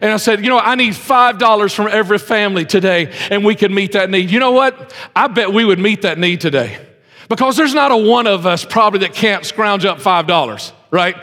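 A man preaching a sermon to his congregation, emphatic, swinging between loud pleas and hushed earnest lines. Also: high-pitched, a little fast. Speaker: pastor. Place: church service in a civic center. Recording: long hall reverb.

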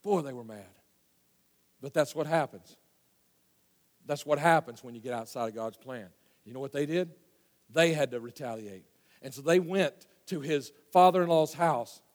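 A man preaching a sermon, telling the story in a folksy way and swinging from loud to hushed. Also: a little high. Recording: long hall reverb.

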